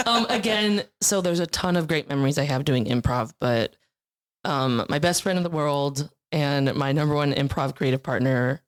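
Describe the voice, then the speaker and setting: A young woman from Iowa, a guest on a podcast, telling improv stories in a bubbly, animated way and laughing often. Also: sits low, moderate pace. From Iowa, USA. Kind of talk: casual chat.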